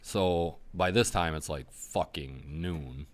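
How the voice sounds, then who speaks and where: A man casually telling a hunting story on a podcast, swearing freely and talking with lively energy. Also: a bass voice, slow.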